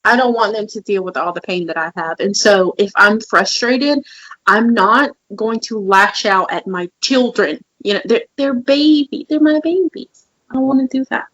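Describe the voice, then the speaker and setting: A woman's voice: on the high side, moderate pace, fairly bright tone, dull audio. A woman in her twenties co-hosting a podcast, telling candid personal stories in casual chat and acting out quoted lines. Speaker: podcast co-host.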